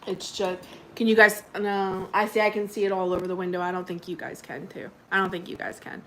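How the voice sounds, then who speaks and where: Bright-voiced chatty woman streaming live. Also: mid-range voice, little pitch movement, brisk, slight background noise, low-quality recording. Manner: chatty, laughs often, talks to viewers. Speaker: livestream host. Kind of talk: casual livestream chat reading comments. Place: home indoors by a window.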